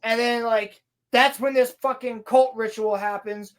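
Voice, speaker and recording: Woman podcast host, sarcastic and foul-mouthed, slightly high voice, casual recap. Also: steady tone, unhurried. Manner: sarcastic, profane, mocking impressions of characters. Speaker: podcast host reviewing a TV episode.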